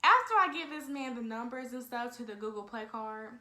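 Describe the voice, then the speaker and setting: A woman's voice: a little high, animated, fairly quick, very noisy. A woman in her twenties telling a story casually and animatedly, talking straight to her viewers and often saying "y'all". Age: 20s. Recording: echoey room.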